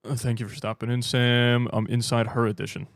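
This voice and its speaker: A man's voice: medium pitch, level tone, a little fast, vocal fry, dry recording, clean studio sound. A British man hosting a fan livestream, chatting casually and joking as he answers viewer comments. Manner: rambling and joking, self-deprecating, with many restarts. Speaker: fan channel livestream host.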